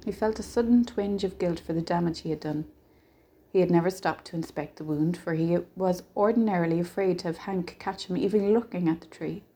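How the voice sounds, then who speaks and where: Mellow-voiced woman narrating a story. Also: on the low side. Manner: steady, measured storytelling.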